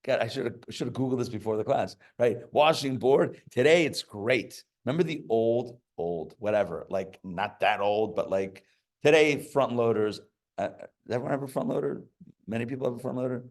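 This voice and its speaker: A man's voice: medium pitch, normal speed. A man, a rabbi, teaching a live class in a casual, chatty way, with joking asides and frequent fillers and restarts. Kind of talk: casual Torah class with stories. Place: live class before an audience.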